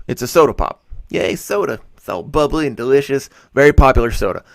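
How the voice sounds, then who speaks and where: Low-voiced man explaining things dryly. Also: no echo. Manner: rambling, self-correcting, sarcastic asides. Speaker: vlogger. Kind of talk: casual explanatory monologue.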